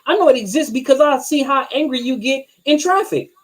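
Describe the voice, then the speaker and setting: A man co-hosting a casual relationship podcast. He is animated and profane, and drops his voice low when he acts out things said to a partner. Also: a little fast, low-quality recording. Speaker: podcast co-host.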